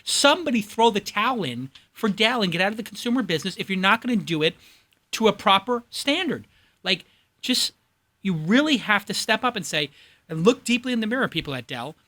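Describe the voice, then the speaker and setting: A man with a Brooklyn accent hosting a studio panel, opinionated and animated. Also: high-pitched, brisk. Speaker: host. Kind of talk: panel discussion.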